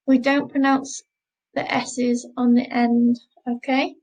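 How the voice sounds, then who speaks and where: A woman teaching a school French class, speaking slowly and patiently and repeating each word twice. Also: high-pitched, level tone, a little mellow, low-quality recording. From England. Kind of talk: classroom lesson explaining French grammar.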